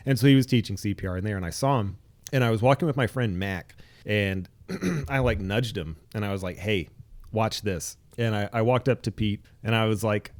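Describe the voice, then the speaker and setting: Animated, swearing man telling stories. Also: quick pace. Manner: animated, swears freely, jumps into high excited voices when quoting himself. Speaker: podcast co-host. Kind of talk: casual storytelling chat.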